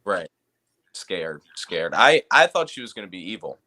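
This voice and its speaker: A man guesting on a podcast, playful and excitable, laughing often as he talks. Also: deep voice, normal speed. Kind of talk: casual interview chat.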